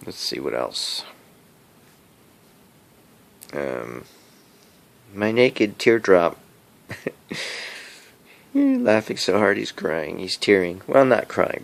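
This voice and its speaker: A man's voice: fairly low pitch, creaky. A middle-aged man rambling to his phone camera, giggling often as he talks. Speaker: vlogger. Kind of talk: rambling casual monologue to camera. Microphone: cell phone camera.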